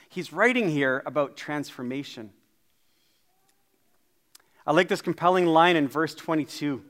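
A middle-aged man preaching with a fairly high voice. He talks loosely and jokes at his own expense as he works through the scripture. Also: a bit bright. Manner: chatty, self-deprecating storyteller. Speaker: pastor. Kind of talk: sermon.

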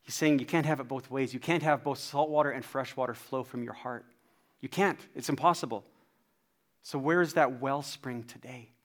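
A man preaching a sermon, telling a personal story in an animated, self-deprecating way. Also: medium pitch, normal speed. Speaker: pastor.

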